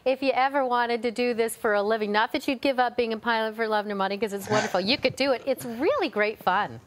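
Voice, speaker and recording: A woman anchoring a news interview with bubbly enthusiasm, her voice sitting a little high. She asks her questions warmly and readily gushes over the guest. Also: quick pace.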